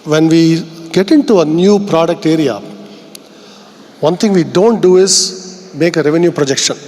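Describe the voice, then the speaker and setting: A man's voice: on the high side, normal speed, darkish tone. A middle-aged Indian man giving a conference keynote speech, earnest and reflective, asking the audience rhetorical questions. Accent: Indian English. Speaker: keynote speaker. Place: large conference hall. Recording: long hall reverb.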